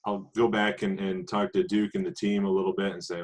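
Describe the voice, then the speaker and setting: Low-pitched male player, halting and filler-heavy. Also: little pitch movement. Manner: halting, lots of uh and um. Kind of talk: casual role-play chat.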